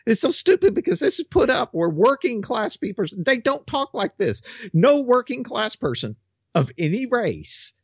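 Older man ranting with lively pitch. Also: moderate pace, husky, no echo. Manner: blunt, scornful ranting. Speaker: co-host. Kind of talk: opinionated commentary.

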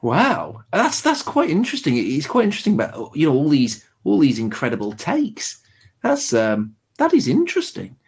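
Husky, teasing English man. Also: a little high, moderate pace. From England. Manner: teasing, sardonic, lively. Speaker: stream host. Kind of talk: casual chat.

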